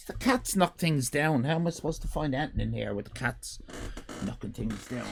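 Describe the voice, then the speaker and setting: Male streamer, gravelly, rambling and self-interrupting, mid pitch. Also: expressive, fairly quick, a little hiss or hum. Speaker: livestream host. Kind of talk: casual live-stream chat. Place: home room with cats.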